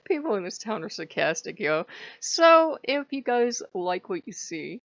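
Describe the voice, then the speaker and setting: A woman's voice: medium pitch, huge pitch swings, moderate pace, no echo. A woman from the rural countryside chatting to her channel in a rambling, frank way. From rural United States. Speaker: channel host. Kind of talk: casual vlog chat. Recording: dry lo-fi recording.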